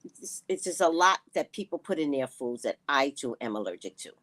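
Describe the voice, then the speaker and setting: A woman vlogger casually telling a personal story to her viewers, animated and quick to laugh, with frequent asides to her audience. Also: a bass voice. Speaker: spiritual reader and vlogger.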